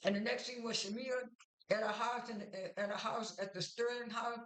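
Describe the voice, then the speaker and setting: A woman's voice: fairly high pitch, steady tone, moderate pace, a bit bright. A woman casually recapping a TV episode, full of fillers and repeated words as she searches for what to say. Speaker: show recap vlogger. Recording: roomy echo.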